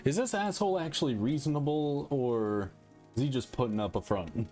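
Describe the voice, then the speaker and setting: A man's voice: medium pitch, moderate pace, a little mellow, faint music behind. A man casually commenting on a game as he plays it, laughing, swearing and talking back to the screen. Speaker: gamer playing a game for the first time.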